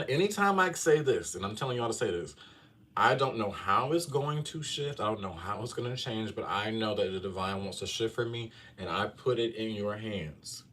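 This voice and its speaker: A male astrologer telling his viewers a personal story in a casual, animated way, often checking in with them. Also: fairly low pitch, far from the mic. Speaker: astrologer and tarot reader.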